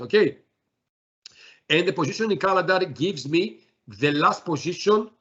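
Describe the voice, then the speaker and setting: A man presenting a software demo in a webinar, talking haltingly with many fillers and restarts. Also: fairly high pitch, breathy edge, highs cut off.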